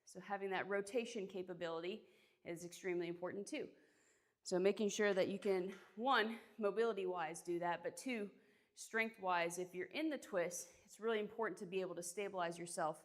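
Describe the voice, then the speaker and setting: A woman's voice: medium pitch, steady tone, brisk. Breathless young woman chatting mid-workout. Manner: chatty, greets viewers by name, breathy exhales between sets. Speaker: fitness streamer. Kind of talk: casual live-stream workout chat.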